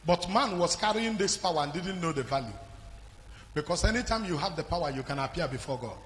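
A man with a Nigerian accent preaching a fiery sermon as pastor, swinging from hushed to shouting. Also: fairly high pitch, animated, a little fast. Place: large church hall. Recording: live hall with music behind.

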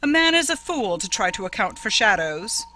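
Woman reading as a guy acting all breezy to hide he's rattled, bright tone, lively. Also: mid-range voice, moderate pace, a little hiss or hum, voice pushed up. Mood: forced ease. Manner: forced breeziness. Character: blustering man, brother-in-law with forced easy laugh.

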